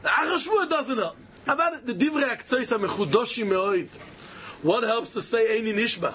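A man giving an animated Talmud lecture, repeating key phrases for emphasis. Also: extremely high pitch, very fast. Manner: animated, repeats phrases, mixes Yiddish and Hebrew terms. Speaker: Talmud teacher. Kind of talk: yeshiva-style Talmud lecture.

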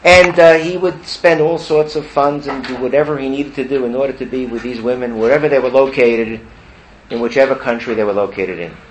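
A man teaching a religious class, telling a story in an animated way and acting out the quotes. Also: mid-range voice, fairly quick, a little hiss or hum, rough recording. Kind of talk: storytelling Torah lesson.

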